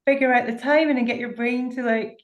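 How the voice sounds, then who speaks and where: A woman's voice: fairly high pitch, fairly even intonation, a little fast. A woman with a Scottish accent, a guest author on a podcast, chatting effusively with many fillers and exclamations. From Scotland. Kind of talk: casual interview chat.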